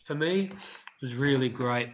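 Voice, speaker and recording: An Australian man, a street performer, telling rambling, animated anecdotes in a casual interview. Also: medium pitch, a little slow, dull audio, slight background noise.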